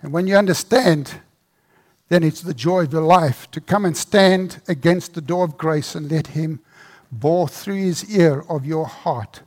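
A man's voice: on the high side, a little slow. Dramatic preacher man telling a story. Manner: dramatic, drops to a hushed voice for tender moments. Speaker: pastor. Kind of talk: sermon storytelling.

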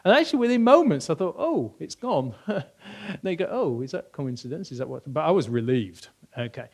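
Animated man preaching a sermon. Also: fairly high pitch. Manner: conversational, anecdotal, many restarts; animated, raises voice for emphasis. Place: church hall.

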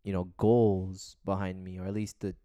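A man's voice: low-pitched, little pitch movement, moderate pace, dark tone, smooth, dry recording. A man co-hosting a podcast, talking in a loose, rambling, laid-back way and swearing casually. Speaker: podcast co-host.

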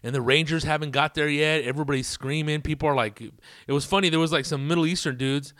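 A man's voice: fairly high pitch, steady tone, quick pace, fairly bright tone, no room sound, clean studio sound. A young man telling a rambling story in a casual, profane, slang-heavy way to his viewers. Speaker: vlogger.

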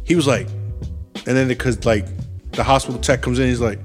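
A man co-hosting a casual chat, retelling scenes with lively impressions. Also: medium pitch, a little fast, soft background music.

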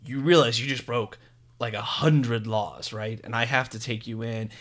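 A man's voice: mid-range voice, fairly even intonation, moderate pace, a bit bright, close to an everyday voice. A man doing a stern, questioning superhero. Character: stern, puzzled adult male superhero.

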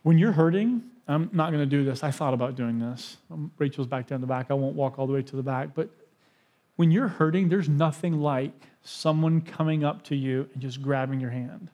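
A pastor in his thirties preaches in a church sanctuary, conversational and personal, with joking asides. His voice is on the high side yet dark in tone, at a moderate pace.

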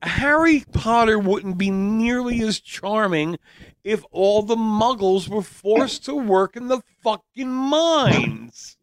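A man with a high, lively voice speaks slowly in a casual podcast chat. His remarks are wry and sarcastic, with casual swearing. The recording is dry and close. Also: no room sound. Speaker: podcast co-host.

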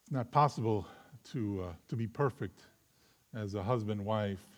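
A man preaching a sermon with earnest conviction, moving between loud emphatic stretches and quiet reflective ones before closing in prayer. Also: lowish voice, normal speed. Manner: closes in prayer. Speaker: pastor.

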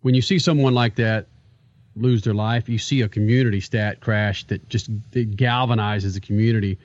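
A man's voice: on the low side, fairly even intonation, normal speed, a little mellow, no room sound. Man, radio host, upbeat promo read, dry studio, slightly muffled. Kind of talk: radio show segment wrap-up.

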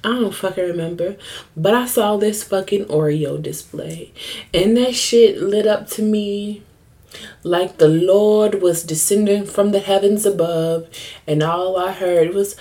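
A woman's voice: mid-range voice, measured pace, warm tone. A young woman hosting her own podcast, chatting candidly and profanely in a joking, storytelling way. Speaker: podcast host. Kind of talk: casual solo podcast chat.

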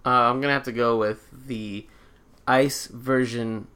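Playful loud-mouthed young man. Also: mid-range voice, steady tone, a little slow, smooth. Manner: playful, loud and teasing, bursts of laughter. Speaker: podcast co-host. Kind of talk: casual banter.

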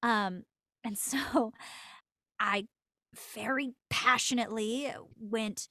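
A woman's voice: fairly high pitch, fairly even intonation, takes it slowly, bright, forceful tone, dry recording, clean studio sound. A woman voice actor, a podcast guest, telling a story with lots of laughter and acted-out quotes. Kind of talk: casual storytelling interview.

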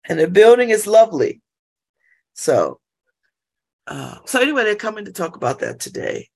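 A middle-aged woman chatting casually at home by an open window, laughing often and breaking into animated asides. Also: mid-range voice, moderate pace, creaky, breathy edge. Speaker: vlogger. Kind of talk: casual monologue.

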